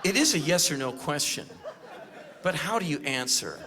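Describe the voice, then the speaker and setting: A man in his forties from the United States telling a comic story live on stage in a loud, punchy way. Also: on the high side, expressive, moderate pace, noisy background. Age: 40s. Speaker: spoken word performer.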